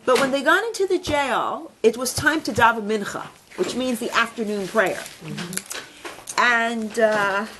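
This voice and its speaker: A woman teaching a women's religious class, telling a story in an animated, chatty way with many fillers. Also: on the high side, a little slow, background noise. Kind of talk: storytelling lesson.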